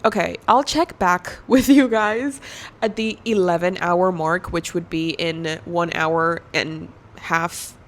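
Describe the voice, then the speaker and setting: A woman's voice: on the low side, fairly even intonation, slow, a little hiss or hum. A woman in her twenties chatting in a casual vlog, emotional and tearful, gushing with many fillers and slipping into Spanish exclamations, recorded at home at night. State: tearful and overwhelmed. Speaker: book vlogger.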